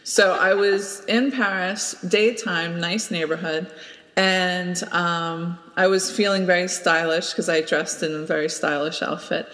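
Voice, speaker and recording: A woman's voice: fairly low pitch, fairly even intonation, unhurried, a bit bright, in a large hall. A woman hosting a podcast, chatting casually and telling a story with lots of laughter. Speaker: podcast host. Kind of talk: casual chat and anecdote.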